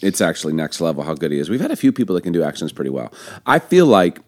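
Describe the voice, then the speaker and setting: Low-voiced man, podcast co-host, teasing, lively swings in pitch, casual banter. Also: racing. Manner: playful, teasing, laughs often.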